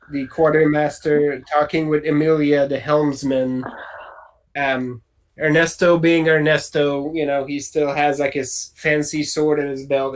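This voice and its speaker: Slow-talking male game master. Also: fairly high pitch. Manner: relaxed, rambling narration with many fillers. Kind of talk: narrating a tabletop role-playing game.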